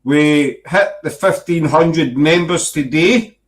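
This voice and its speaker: A man's voice: fairly high pitch, takes it slowly. A middle-aged Scottish man hosting a casual paranormal chat show, teasing and laughing often. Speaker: podcast host.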